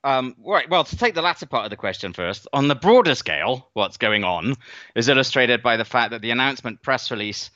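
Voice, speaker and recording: A man weighs up fights in a dry, wry way, pausing often on fillers. His voice is bright and forward. The recording is a little dull and very dry, with no room sound. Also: mid-range voice, lively intonation, no room sound. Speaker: boxing analyst. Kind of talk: podcast chat.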